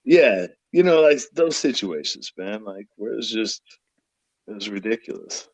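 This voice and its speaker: A man's voice: on the low side, a little slow, dry recording. A man who was an army medic, talking casually with many fillers about his service. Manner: relaxed, filler-heavy. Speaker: guest, former army combat medic. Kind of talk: casual chat.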